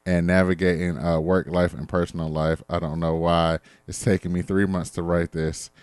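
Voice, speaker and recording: A man with a very low voice co-hosts a casual podcast, reading listener messages aloud. He stumbles and restarts in a relaxed, unhurried way. The sound is dry and close. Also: smooth, no echo. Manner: laid-back, halting reading with fillers. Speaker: podcast co-host.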